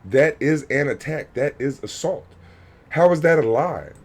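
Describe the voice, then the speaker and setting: A man's voice: on the high side, lively intonation, unhurried. A man, a youth coach, giving heated reaction commentary, emphatic and angry, repeating himself and swearing. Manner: angry and worked up.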